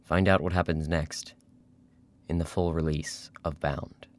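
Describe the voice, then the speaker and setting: A man narrating a scripted adventure story with a very deep, low voice. His delivery is steady and measured, carrying the tale along evenly. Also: poor audio.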